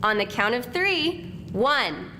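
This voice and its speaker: A woman with a high, lively voice talks slowly to a school group and leads them in a cheer in a friendly way. A steady room hum sits clearly behind her. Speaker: school presenter. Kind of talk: scripted talk to students.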